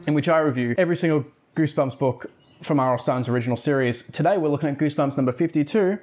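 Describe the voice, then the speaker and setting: A man's voice: fairly high pitch, fast talker, a little mellow, faint music behind. A man hosting a podcast, casually retelling a book's plot with wry asides. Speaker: podcast host. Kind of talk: casual book review podcast.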